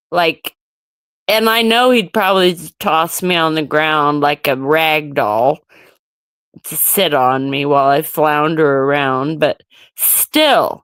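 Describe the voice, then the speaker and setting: Slow-talking, irritated woman ranting on stream. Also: on the low side, fairly bright tone, dry recording. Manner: ranting, irritated, reacting to chat. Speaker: livestream host. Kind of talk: casual solo livestream chat.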